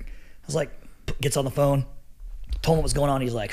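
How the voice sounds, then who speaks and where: A man's voice: mid-range voice, quick pace, long pauses. A middle-aged man telling stories as a podcast guest, laughing often and swearing freely. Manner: profane, laughing storyteller. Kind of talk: casual storytelling.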